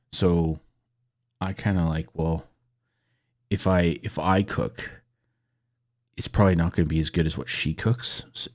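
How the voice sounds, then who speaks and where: A man's voice: low-pitched, darkish tone. A middle-aged man chatting casually and rambling while gaming, swearing freely as he goes. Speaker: gaming video creator.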